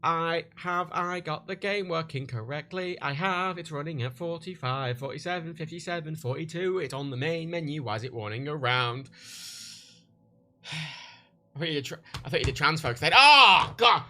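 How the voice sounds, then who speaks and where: A man's voice: a little high, animated, moderate pace, sharp tone. A man with a British accent chatting on a livestream in a rambling, crude way, often breaking off and restarting. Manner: rambling, crude, self-interrupting. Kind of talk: casual livestream chat.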